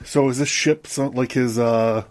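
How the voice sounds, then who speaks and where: A man's voice: medium pitch, fairly even intonation, measured pace, a little mellow. A man reading a book aloud on his podcast, acting out the quoted characters and then breaking off to comment casually. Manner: voices the characters' quoted lines, breaks off to joke and laugh. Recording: equipment sound problems.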